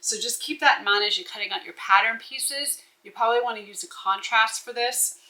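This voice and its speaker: A woman's voice: fairly high pitch, brisk, bright, forceful tone, low-quality recording. A woman walking through a bag-making pattern step by step, instructive and checking in with the viewer as she goes. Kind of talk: step-by-step sewing tutorial.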